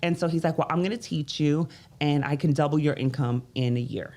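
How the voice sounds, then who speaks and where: A woman's voice: a little fast, darkish tone. A woman from Brooklyn, a business coach telling her life story candidly as a guest, breaking off to voice other people. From Brooklyn, New York. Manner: candid storytelling with restarts, voicing others in raised pitch. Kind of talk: interview.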